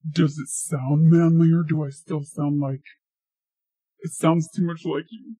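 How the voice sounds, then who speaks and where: A woman's voice: low voice, little pitch movement, measured pace, warm tone, slightly rough, no room sound, low-quality recording. A woman streamer chatting casually and giggling while she tests a voice changer. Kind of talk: casual live-stream chat.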